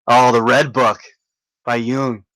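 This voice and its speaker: A man rambles through a casual vlog story, excitable and full of restarts and fillers. His voice sits at an ordinary middle pitch, and the sound is close and dry. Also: dry recording, poor audio. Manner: halting, many restarts and fillers; excitable, marvelling. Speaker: vlogger recounting a visit.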